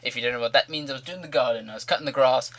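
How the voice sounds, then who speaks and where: A man's voice: mid-range voice, rapid-fire, fairly bright tone. A man giving rambling, jokey commentary over a video game. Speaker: gaming commentator.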